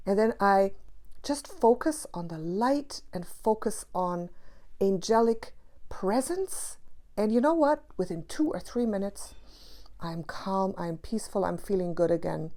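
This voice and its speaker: A woman's voice: medium pitch, mellow. A woman teaching spiritual practice to camera, passionate and emphatic, repeating key phrases for stress.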